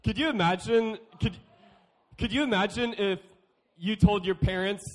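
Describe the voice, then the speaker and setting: A man's voice: high voice, moderate pace. A young man giving a playful youth sermon, joking and acting out quotes. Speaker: youth speaker.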